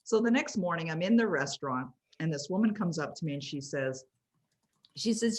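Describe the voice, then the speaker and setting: A woman's voice: sits low, animated, a little fast. A woman being honoured, telling stories in a casual way on a video call and laughing often. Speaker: author and coach being honoured.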